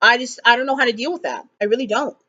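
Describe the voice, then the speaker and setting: High-pitched, exasperated young woman vlogger. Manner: animated, exasperated, dramatic pauses. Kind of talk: casual movie reaction rant. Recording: slightly dull lo-fi sound.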